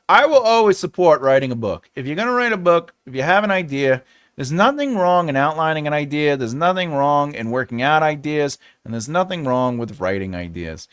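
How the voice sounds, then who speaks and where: A man's voice: medium pitch, fairly bright tone, clean tone. A man hosting a casual live stream for a writing channel, chatting with viewers in a playful, rambling way and repeating phrases for fun. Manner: chats to live viewers and reads their comments. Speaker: livestream host for a writing channel.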